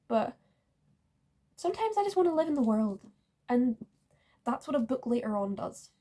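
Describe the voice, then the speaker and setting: A woman's voice: on the high side, warm tone. A woman chatting casually about books she read, rating each one and correcting herself as she goes. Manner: chatty, self-correcting, uses "like" often. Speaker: book vlogger. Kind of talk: casual book review chat.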